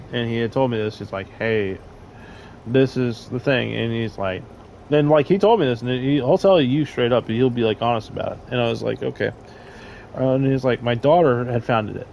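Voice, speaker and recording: Young man, gravelly voice, rambling crude storyteller, faint background hiss. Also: medium pitch, poor audio. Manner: rambling, crude, loud laughing bursts. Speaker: storyteller in a casual talk. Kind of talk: casual storytelling chat.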